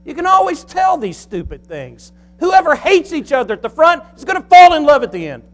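A man's voice: extremely high pitch, very animated, a little fast. A middle-aged man, a pastor preaching a folksy, humorous sermon.

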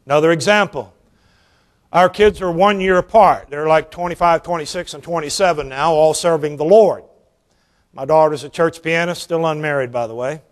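High-voiced preacher. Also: male voice. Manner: folksy, animated, drawn-out emphasis. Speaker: evangelist preacher. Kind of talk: sermon with storytelling.

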